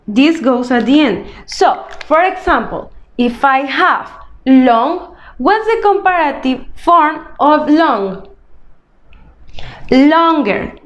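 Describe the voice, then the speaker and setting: Teacher, woman, high voice, slow careful delivery for young learners. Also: highs cut off. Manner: slow, patient, explains step by step with frequent "okay?". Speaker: English teacher. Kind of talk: recorded grade-school grammar lesson.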